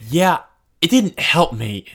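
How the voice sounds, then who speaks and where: A man's voice: fairly high pitch, sing-song, slow pace, creaky. A man in casual chat who jokes, laughs often and cuts in on his friend. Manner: joking, laughs often, interjects. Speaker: friend in conversation.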